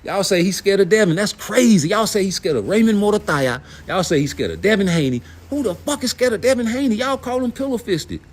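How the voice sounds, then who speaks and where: Animated, foul-mouthed middle-aged man ranting. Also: high voice, fairly quick, hardly any pauses. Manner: blunt, profane, animated, rhetorical questions. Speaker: boxing commentary host. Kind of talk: heated casual rant.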